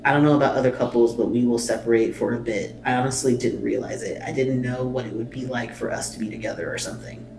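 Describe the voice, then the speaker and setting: A man's voice: mid-range voice, fairly even intonation, fast talker, hardly any pauses, darkish tone. A man hosting a reaction video, bluntly commenting and reading subtitles aloud with swearing and exasperation. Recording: echoey room, mic at a distance, faint noise.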